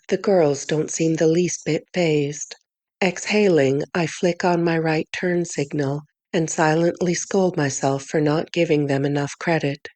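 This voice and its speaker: Low-voiced woman narrating an audiobook. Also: mellow, no echo. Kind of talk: first-person audiobook narration.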